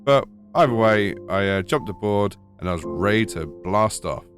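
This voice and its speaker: A British man with a lowish voice narrates a gaming video in a dry, sarcastic way. Soft music plays underneath. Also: expressive, normal speed. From United Kingdom. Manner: wry, sarcastic. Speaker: gaming YouTuber. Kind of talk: scripted gaming voice-over. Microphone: voice-over.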